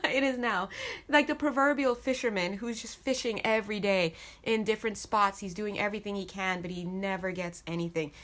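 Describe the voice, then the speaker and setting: A woman's voice: mid-range voice, fairly bright tone. A woman giving a casual tarot reading to her viewers, chatty and talking straight to them. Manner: chatty, laughs often, addresses viewers as guys. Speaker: tarot reader.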